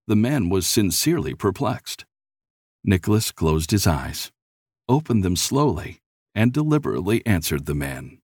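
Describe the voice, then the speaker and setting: Husky, expressive male storyteller. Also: sits low, dry recording, studio quality. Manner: expressive, measured reading. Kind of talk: storybook narration.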